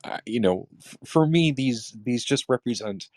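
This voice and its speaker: A man's voice: mid-range voice, expressive, normal speed, darkish tone, no echo. A man speaking as a guest in a casual online discussion, hesitant, with frequent uh's and repeated words. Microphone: phone app audio chat.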